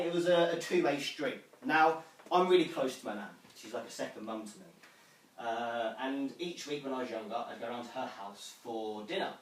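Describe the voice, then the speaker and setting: A young man telling self-mocking comic stories to a small audience in a living room, animated and lively. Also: mid-range voice, distant mic. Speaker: storyteller. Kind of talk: comic storytelling to a home audience. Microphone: far camera. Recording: roomy room from afar, faint noise.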